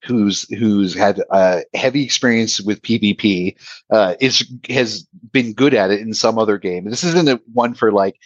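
A man's voice: lowish voice, animated, normal speed, no room sound. A man hosting a podcast in casual chat, rambling and swearing, often restarting his sentences. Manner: rambling, profane, trails off and restarts. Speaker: podcast host. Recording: dry, dull lo-fi remote mic.

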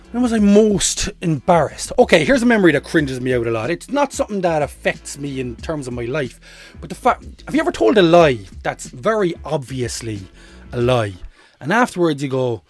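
An Irish man hosts a solo comedy podcast, his voice a little high and his pace moderate, with faint music in the background. He rambles through stories in an animated, profane way, swearing freely as he goes.

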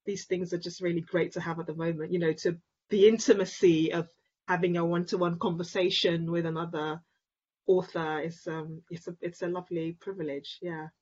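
A woman who is a guest author at an online book event, speaking softly and effusively with halting fillers. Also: on the low side, level tone, breathy edge. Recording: dull lo-fi call audio.

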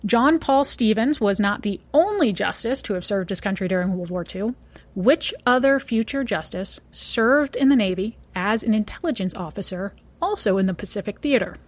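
A woman's voice: mid-range voice, animated, normal speed. A woman co-hosting a casual podcast, running a trivia quiz with playful, teasing remarks.

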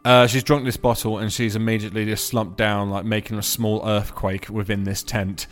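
A man narrating as game master of a tabletop game, playful and giggly, with quick voiced asides. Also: lowish voice, flat delivery, faint music behind.

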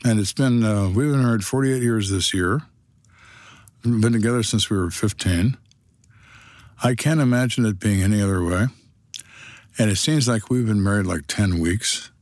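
A man's voice: on the low side, normal speed, long pauses, a little mellow, dry recording. An older man, a retired detective, telling stories from his life in a dry, matter-of-fact way. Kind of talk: storytelling monologue.

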